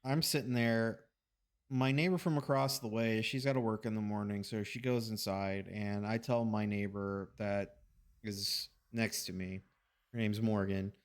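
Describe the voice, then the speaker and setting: A man streaming from his apartment, telling a long anecdote in a rambling, animated way with restarts and casual swearing. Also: lowish voice, unhurried. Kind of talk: casual storytelling chat. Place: home apartment.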